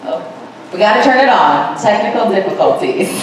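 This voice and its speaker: A woman's voice: medium pitch, expressive, normal speed, slight background noise. Upbeat woman running the audience q&a, bouncy voice, big echoey room. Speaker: moderator. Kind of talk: hosting audience Q&A. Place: large event hall. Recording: echoey hall, distant mic.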